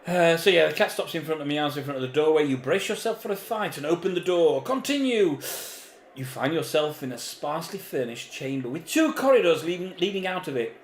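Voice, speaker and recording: A man's voice: a little high, lively intonation, brisk, hardly any pauses. A man co-hosting a board game playthrough, chatty, reading rules and story text aloud. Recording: echoey room with faint background noise.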